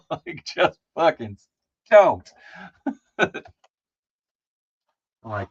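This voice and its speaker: A man chatting casually while painting a toy figure on a livestream, laughing and lively as he tells stories. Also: unhurried, vocal fry. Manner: animated, laughing, jumps into high excited voices when telling stories. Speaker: co-host of a toy customizing livestream. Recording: slightly dull lo-fi stream audio.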